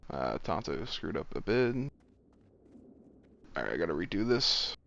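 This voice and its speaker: A low, gravelly male voice coming through muffled lo-fi voice chat. He runs a game raid, calling out bids and directions in a plain, matter-of-fact way. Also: sing-song, a little slow, fairly bright tone. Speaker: raid leader running loot auction. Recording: dull lo-fi voice chat audio.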